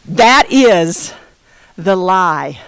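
A middle-aged woman preaching a sermon through a personal story, animated, with dramatic slowdowns and hushed emphasis. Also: on the low side, dry recording.

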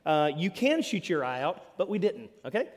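A preacher with a high, lively voice that leaps up and down as he tells his stories. He booms one moment and drops near a whisper the next. The sound carries a long reverb from a church hall. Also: normal speed. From Alabama. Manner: animated storyteller, swings from loud to hushed. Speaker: pastor. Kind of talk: sermon.

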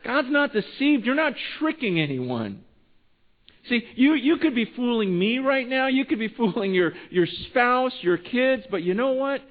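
Guy preaching a sermon, high voice, lots of stutter restarts, sounds like over a phone line. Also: expressive, a little slow. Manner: conversational, repetitive restarts, swings between hushed and emphatic. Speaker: pastor.

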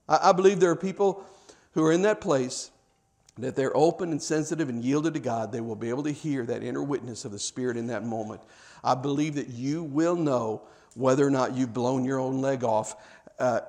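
A man preaching a sermon, swinging from hushed, reflective stretches to loud, impassioned ones. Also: mid-range voice.

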